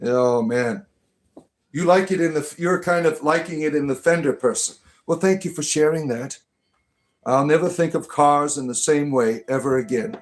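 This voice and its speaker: An American man hosting a live stream reads viewers' comments aloud, casual, rambling and joking, with many restarts. His voice is fairly high-pitched and moves at normal speed.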